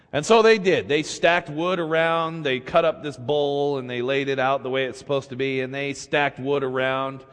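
A man preaching, retelling a story in an animated, colloquial way, in a church with long reverb. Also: medium pitch, moderate pace, hardly any pauses. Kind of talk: sermon storytelling.

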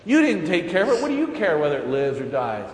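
A man voicing God as patient, asking calm and probing rhetorical questions. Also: fairly high pitch, fast. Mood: questioning. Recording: echoey sanctuary with long reverb.

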